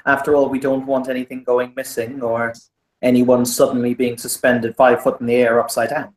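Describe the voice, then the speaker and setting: A man's voice: medium pitch, flat delivery, normal speed, lightly acted. A man voicing a towering, stone-faced male boggin barman in a tabletop game, speaking in a dry, stuffy, formal way. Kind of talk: tabletop role-play. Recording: roomy echo.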